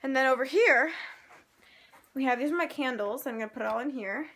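Young female vlogger, high bright voice, chatty and dramatic. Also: a little fast. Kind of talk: casual vlog chat.

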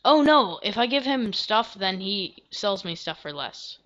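A woman's voice: medium pitch, lively intonation, measured pace, highs cut off. Chatty woman narrating her gameplay. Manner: chatty, self-deprecating, bursts into loud yelps. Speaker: gameplay video creator. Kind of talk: casual let's-play commentary.

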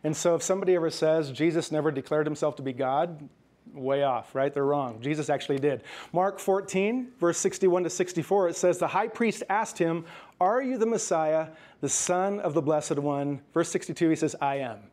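A male pastor delivering a sermon with a slightly raised pitch. He talks to the congregation like a conversation, often checking in with them and chuckling through his personal stories. When he reads scripture, he slows down and softens his voice. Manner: conversational preaching with frequent "right?" and "okay?".

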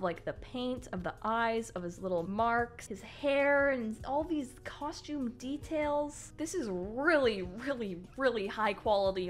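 A young woman hosting a casual unboxing vlog, gushing and excitable, often squealing with delight. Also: fairly high pitch. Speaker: YouTuber. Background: faint lo-fi music.

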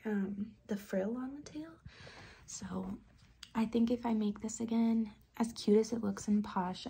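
A young woman vlogging casually about crochet, rambling with lots of fillers, her voice hoarse and half-whispered as she feels unwell. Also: mid-range voice. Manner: rambling, filler-heavy, slips into soft whispery phrases. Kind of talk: casual vlog chat.

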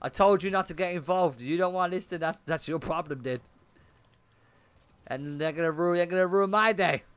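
A man's voice: sits high, moderate pace, smooth, no room sound. A young man streaming a game, chatting bluntly with his viewers and swearing often. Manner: blunt and swearing, talking to chat in bursts. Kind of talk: casual livestream chat while gaming.

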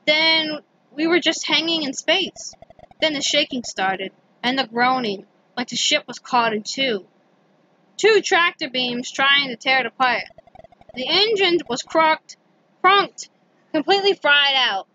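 A woman's voice: high-pitched, sharp tone, slight background noise, full character voice. A woman reading aloud the lines of a weary, injured father who ran off in a starship, in her own voice. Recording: dull lo-fi with game music.

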